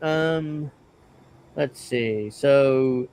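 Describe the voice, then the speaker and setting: A man's voice: medium pitch, extremely slow, darkish tone, a little hiss or hum. A man co-hosting a casual political chat show, chatty and wry with some hesitation. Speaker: co-host.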